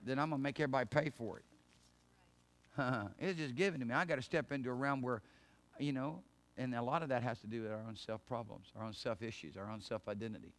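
A man's voice: a little high, a bit bright. Man preaching in an emphatic, chatty way. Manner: emphatic, conversational preaching with laughs and asides. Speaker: pastor. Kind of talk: sermon.

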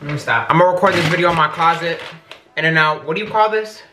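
A young man talking in a casual vlog, slangy and rambling, often getting animated. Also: fairly high pitch, fast talker, noisy background. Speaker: YouTuber. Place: car at a drive-thru, then indoors at home.

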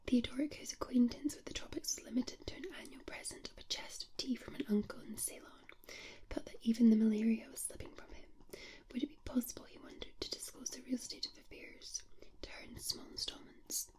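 A woman with a Scottish accent reading a story aloud in a slow, soft ASMR whisper. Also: on the high side.

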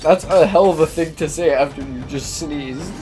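A man's voice: on the high side, moderate pace. A young man joking and laughing often as he co-hosts a let's play in casual gaming commentary. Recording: game music playing underneath.

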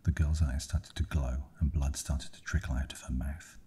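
A man whispering a bedtime horror story in a slow, hushed ASMR reading. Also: very deep voice, steady tone, a little hiss or hum.

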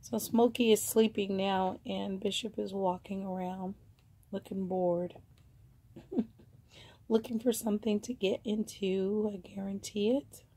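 Unhurried and steady, a woman with a warm, medium-pitched voice and a breathy edge displays vintage finds she sells online. She chats casually and rambles, leaning on fillers throughout the show-and-tell.

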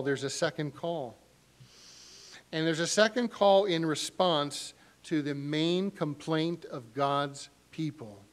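A middle-aged male pastor preaching a sermon in an animated way, acting out voices with sharp rises in pitch.

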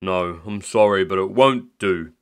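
A man reading aloud, voicing an easygoing, stubborn old grandfather who speaks slowly and mildly. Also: low-pitched, clear, resonant tone. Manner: slow, mild, stubborn.

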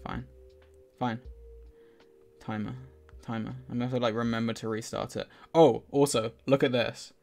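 A man's voice: mid-range voice, fairly even intonation, normal speed, vocal fry, darkish tone. A man live-streaming a game, chatting in a scattered way, laughing often and thanking viewers. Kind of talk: casual live-stream chat while gaming. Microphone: desk microphone. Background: faint game music.

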